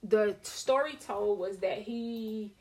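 A woman's voice: medium pitch, takes it slowly, darkish tone, slightly rough. A woman vlogger telling a story to her viewers in a candid, emphatic, sassy way with casual swearing. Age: adult with a daughter.

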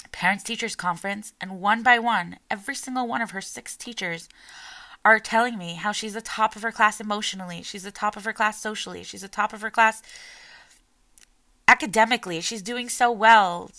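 A woman in her forties, a mother giving an earnest, heartfelt personal talk with a soft, emotional delivery. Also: mid-range voice. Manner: earnest and emotional, voice softening as she tears up. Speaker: parent sharing her story.

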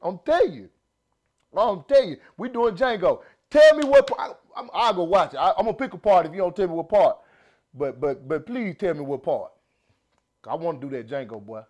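A man with a Southern accent hosting a casual podcast, animated and laughing, restarting his sentences often. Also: sits high, fairly quick. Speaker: podcast host.

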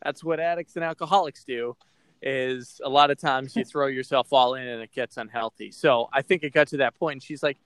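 A man's voice: mid-range voice, fairly quick, fairly bright tone, no echo. A man from Boston hosting a podcast, talking candidly and rambling with lots of fillers. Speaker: podcast host. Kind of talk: casual podcast chat.

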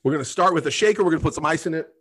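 A man's voice: on the high side, rapid-fire, fairly bright tone, slight background noise. A man hosting a comedic podcast, talking loosely and profanely, laughing often as he reads listener messages and tells stories. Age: adult. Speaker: podcast host. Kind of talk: casual comedic chat.

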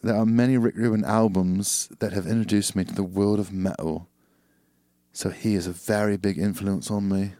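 A man's voice: lowish voice, expressive, moderate pace, a little mellow, clear, resonant tone, dry recording, studio quality, lightly acted. A man reading a fan letter aloud in a put-on British accent.

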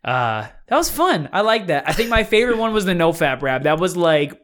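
Young man, podcast co-host, slightly high voice, soft R's, laughs a lot, rambling casual chat. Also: big pitch swings, fairly quick. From South Carolina. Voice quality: soft R sounds. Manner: laughs often, loose and rambling.

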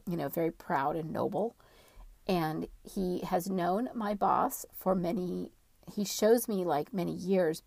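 A woman telling a personal story casually, in an animated, dramatic way. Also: lowish voice, vocal fry, husky, no echo.

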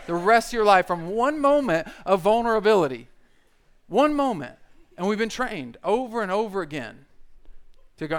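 A man gives a conversational sermon as pastor. He slips in jokes and keeps his delivery animated, with a voice pitched a little above the usual male range. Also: normal speed, clear, resonant tone. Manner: conversational, joking, animated preaching.

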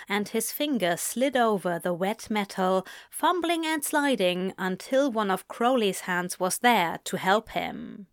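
A woman reading a story aloud in slow, even audiobook-style narration into a close mic. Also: mid-range voice, smooth, no room sound.

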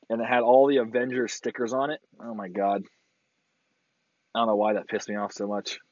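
A man in a car, giving a crude, profane road-rage rant and yelling sarcastic insults at other drivers. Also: medium pitch, dry recording. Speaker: vlogger ranting while driving. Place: inside a car in traffic. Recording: dull lo-fi sound.

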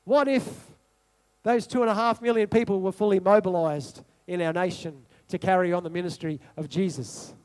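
Very high-voiced preacher. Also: male voice, normal speed. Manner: repetitive rhetorical preaching, asks the congregation questions. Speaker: pastor. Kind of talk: sermon.

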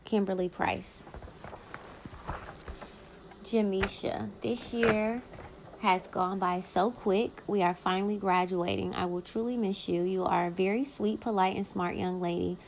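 A woman's voice: mid-range voice, fairly even intonation, a little slow, gravelly, a little hiss or hum, low-quality recording. A woman in her thirties hosting a podcast, reading old notes aloud in a casual way with short asides of her own. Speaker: podcast host.

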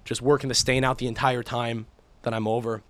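A man's voice: mid-range voice, fairly quick. A young man hosting a podcast, telling a long profane story and mimicking the people in it. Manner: animated, profane, mimics people in shouty voices. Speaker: podcast host. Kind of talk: casual chat, ranting storytelling.

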